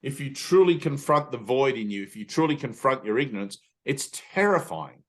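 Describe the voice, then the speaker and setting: A man's voice: mid-range voice, lively intonation, a little fast. Man, middle-aged, spiritual teacher, informal talk to students, blunt, emphatic, swears. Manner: emphatic and blunt, swears, acts out inner voices.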